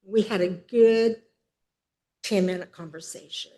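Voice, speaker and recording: A woman in her seventies speaking at a city council meeting, emphatic and upset, pausing as she tries to hold herself together. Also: mid-range voice, mellow. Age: 70s. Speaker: public commenter. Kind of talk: public comment at a council meeting.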